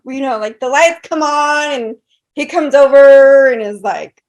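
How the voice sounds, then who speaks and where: A woman from South Texas with a high voice tells stories on a podcast. She is animated and chatty and fills her talk with little fillers. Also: a little slow. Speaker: guest. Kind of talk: casual podcast storytelling.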